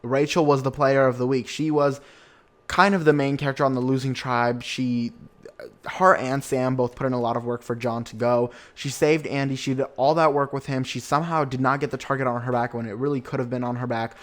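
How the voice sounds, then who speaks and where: A man's voice: mid-range voice, steady tone, fairly quick. Chatty campy young man hosting a podcast. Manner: chatty and campy, quoting people in put-on voices. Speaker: podcast host. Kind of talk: casual recap podcast.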